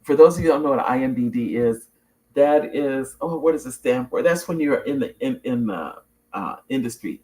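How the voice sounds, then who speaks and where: A woman's voice: extremely low pitch, fairly quick. A middle-aged woman hosting her own talk show, chatting casually, telling stories with laughs and restarts, and reading out viewer comments. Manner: animated storyteller, laughs often, restarts sentences.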